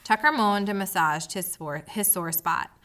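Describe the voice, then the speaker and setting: An audiobook reader, a woman with a mid-range voice, reads a children's book aloud at normal speed with expressive storytelling.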